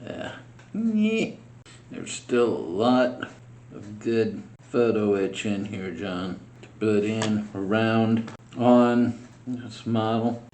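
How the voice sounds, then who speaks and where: A man narrates his scale model build in a slow, unhurried way. He mutters and grumbles in frustration at the tiny parts as he works. The sound is roomy, with a faint hum behind him. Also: lowish voice, darkish tone. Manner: muttering to himself, frustrated and exasperated. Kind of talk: casual build vlog narration.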